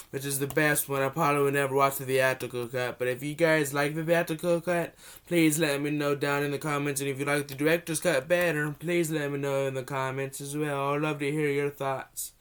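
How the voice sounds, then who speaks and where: A young man with a cold giving a casual, rambling movie review vlog, often restarting his sentences and gushing with excitement. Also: a little high, fairly quick, smooth. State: has a cold.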